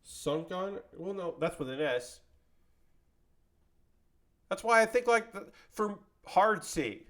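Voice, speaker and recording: A man's voice: high voice, slow, pauses often. A man chatting casually with his live-stream audience while building a model kit, rambling and joking as he goes. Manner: rambling, animated, jokey, talks to chat.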